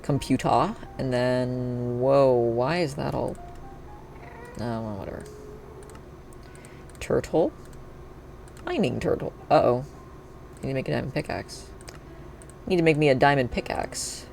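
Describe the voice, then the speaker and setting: A streamer with a gravelly, creaky voice at a middling pitch, chatting casually while playing a game and thinking aloud. Faint music plays behind, with keyboard typing. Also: measured pace, pauses often. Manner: thinks aloud, chatty, bursts into excited cheering. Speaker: live streamer. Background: faint background music and keyboard typing.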